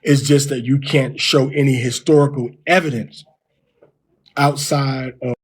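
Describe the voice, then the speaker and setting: A middle-aged man teaching Hebrew pronunciation, explaining patiently and repeating words slowly to demonstrate sounds. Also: mid-range voice, steady tone, breathy edge. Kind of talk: Bible Hebrew pronunciation lesson.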